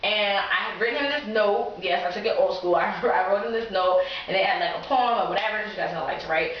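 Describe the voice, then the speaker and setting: Young woman vlogger, animated storyteller, roomy dull home recording. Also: quick pace. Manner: animated, laughing, acts out quotes in a higher voice. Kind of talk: casual storytelling to camera. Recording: echoey room, distant lo-fi mic.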